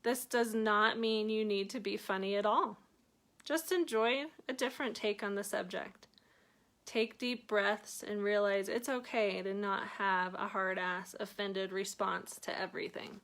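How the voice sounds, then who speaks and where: A woman's voice: mid-range voice, steady tone, measured pace, fairly bright tone. A woman reading aloud from her own book, stopping now and then for chatty, joking asides about what she wrote. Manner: chatty, breaks off to joke and laugh at her own lines.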